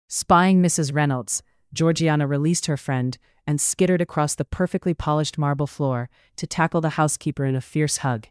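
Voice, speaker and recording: An audiobook narrator reading a period novel in a measured, even storytelling manner, recorded on a studio microphone. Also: medium pitch, clear, resonant tone, no echo. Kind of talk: scripted narration.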